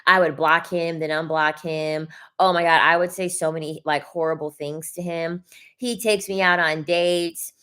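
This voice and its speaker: A woman's voice: deep voice, fairly even intonation, moderate pace, a bit bright, smooth. A young adult woman hosting a casual livestream, talking bluntly with swearing and repeating her points for emphasis. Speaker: livestream host reading chat.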